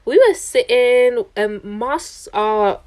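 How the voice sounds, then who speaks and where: A woman's voice: on the high side, expressive, slow, darkish tone. Indignant young woman. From London, England. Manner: chatty, indignant, heavy use of "like". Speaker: traveller recounting a trip. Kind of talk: casual storytelling to camera.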